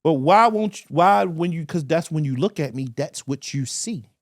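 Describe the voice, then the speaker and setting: A man, co-hosting a casual podcast and telling stories with animated quoted voices. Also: fairly high pitch, normal speed, no room sound, clean studio sound. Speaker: podcast co-host.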